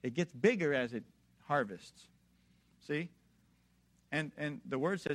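A male preacher delivering a sermon in a somewhat high voice. He talks straight to his congregation with rhetorical questions. He swings from hushed storytelling to forceful, rising exhortation. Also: sing-song, moderate pace. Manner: emphatic, rising to loud exhortation.

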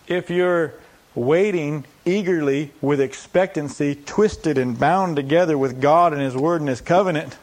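A man's voice: mid-range voice, darkish tone. A man preaching a sermon, acting out prayers and quotes and laughing often as he teaches.

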